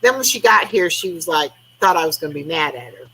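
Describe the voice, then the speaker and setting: A woman's voice: low voice, lively intonation, fast, bright, forceful tone, slightly rough, rough recording. An older woman, chatting casually on a live stream over a video call and acting out conversations as she tells stories. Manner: chatty storytelling, acting out quoted talk. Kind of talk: casual chat.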